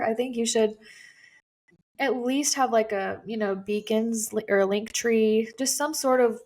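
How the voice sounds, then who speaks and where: A woman's voice: medium pitch, a little mellow. A woman speaking as a guest in a casual interview, chatty and easygoing, with frequent fillers. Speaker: guest content creator.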